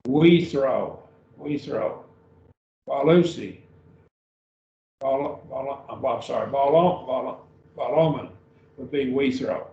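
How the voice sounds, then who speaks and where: A man teaching a beginning Greek grammar class, slowly repeating each word several times. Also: medium pitch, a little mellow. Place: classroom or church room. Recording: echoey room, dull lo-fi sound.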